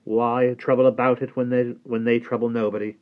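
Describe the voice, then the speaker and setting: A man's voice: mid-range voice, flat delivery, a little fast, voice pushed up, close to an everyday voice. A man playing a shrewd, easygoing older tradesman who talks in a folksy way. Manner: folksy, chuckling dismissiveness. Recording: tinny phone-like sound.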